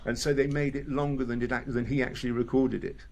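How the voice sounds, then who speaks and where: An older man from England chatting as an interview guest, telling lively stories, mimicking voices and laughing often. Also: medium pitch, quick pace, vocal fry. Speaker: actor guest. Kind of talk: casual interview chat.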